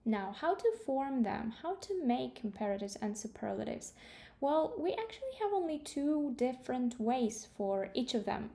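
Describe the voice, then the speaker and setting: Slow, mellow-voiced woman teaching English. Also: high voice. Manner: slow, careful explaining with glosses in another language. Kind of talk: grammar lesson explanation.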